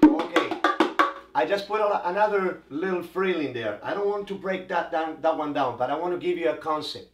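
A man's voice: fairly high pitch, fairly quick, hardly any pauses, echoey room. A man teaching percussion, explaining step by step and counting beats aloud between drum passages. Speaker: percussion instructor. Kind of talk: instructional demonstration. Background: bongo drums and faint music.

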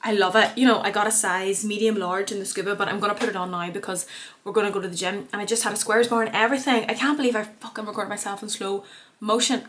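A woman's voice: medium pitch, a bit bright, a little hiss or hum. Chatty self-mocking woman. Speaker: vlogger. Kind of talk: casual vlog chat to camera. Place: bedroom at home.

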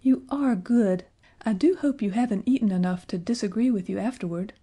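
A woman's voice: mid-range voice, a little fast, warm tone, slightly rough. A woman voicing an earnest, polite little girl in a storybook reading. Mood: grateful. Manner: eager, earnest, effusive.

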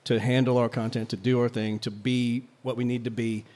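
A man talks quickly in a mid-range voice, rambling through a story with plenty of fillers. He is a teacher co-hosting a podcast, recorded live at a coffee shop. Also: mid-range voice, flat delivery, a little mellow. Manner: rambling, filler-heavy, "like" and "right?" asides. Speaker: history teacher and podcast co-host. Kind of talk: casual storytelling chat.

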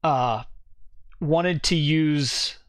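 A man's voice: fairly high pitch, very slow, no room sound. A man teaching a Bible study in a conversational, explanatory way, often correcting himself as he goes.

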